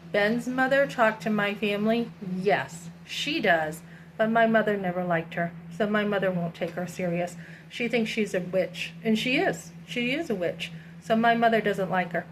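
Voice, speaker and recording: Middle-aged woman vlogger, candid rant, animated storyteller, faint room noise. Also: mid-range voice, rough recording. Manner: animated storytelling, acting out others' lines. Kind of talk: candid personal vlog rant.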